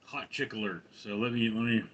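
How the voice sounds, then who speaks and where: A man's voice: lowish voice, fairly even intonation, a little fast, fairly bright tone, muffled recording. A slightly tipsy man hosting a casual livestream, rambling and joking as he answers viewers' chat one by one. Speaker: livestream host reading chat.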